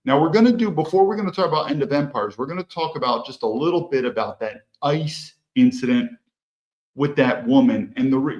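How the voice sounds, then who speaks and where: A man hosting his own podcast, delivering a rambling, emphatic solo commentary with frequent restarts. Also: mid-range voice. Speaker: podcast host. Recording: roomy, slightly dull audio.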